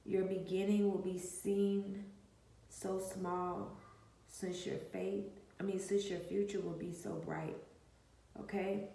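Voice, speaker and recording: A woman, an adult vlogger with an infant, earnestly shares a personal testimony with viewers, often repeating phrases for emphasis in an emotional story. Her voice is medium-pitched, fairly flat, slow and warm, with vocal fry. The room is echoey with faint noise.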